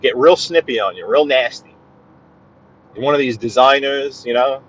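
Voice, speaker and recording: A chatty man drives down the highway, talking in a mid-range voice at a moderate pace to his live-stream chat viewers. The lo-fi recording carries slight background noise, and his casual chatter is full of stumbles and repeated words.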